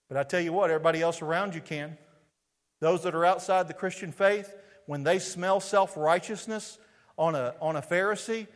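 A male pastor with a Southern US accent preaching a sermon in a church sanctuary, quizzing his congregation with rhetorical questions through a body-worn mic. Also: a little high. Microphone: wearing a mic on his body. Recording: long hall reverb.

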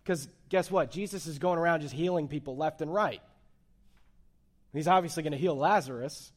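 A man, a pastor, giving a sermon in a relaxed, conversational way, dropping to a hush and then rising to emphatic points. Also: fairly high pitch, normal speed. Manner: conversational preaching, swings between soft and emphatic.

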